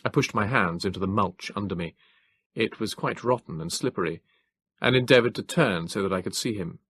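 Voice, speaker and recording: Low, husky male audiobook narrator. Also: fairly bright tone, no echo. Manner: measured, formal storytelling.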